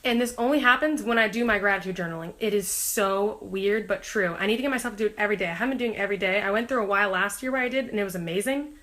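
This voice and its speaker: A young woman talks quickly and brightly straight into her phone, held at arm's length. She is chatty and bubbly, peppering her sentences with "like". She is still getting over being sick. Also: medium pitch. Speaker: singer talking to fans. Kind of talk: casual selfie vlog.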